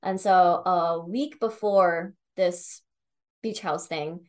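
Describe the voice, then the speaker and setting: A woman's voice: on the low side, slow pace, darkish tone. A young woman telling a personal story in a casual, chatty way, full of "like" and "um", with the odd swear. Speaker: tarot reader.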